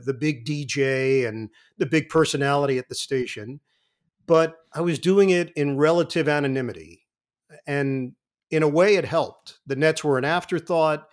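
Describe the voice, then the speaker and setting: A sportscaster in his fifties, a guest on an interview show, telling vivid, animated stories. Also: a little high. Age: 50s. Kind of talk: anecdotal interview talk.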